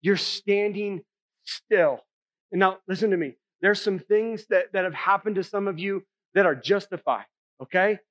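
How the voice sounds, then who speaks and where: High-voiced male pastor preaching. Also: moderate pace, fairly bright tone. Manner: conversational preaching, frequent "right?" and "okay?". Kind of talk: sermon.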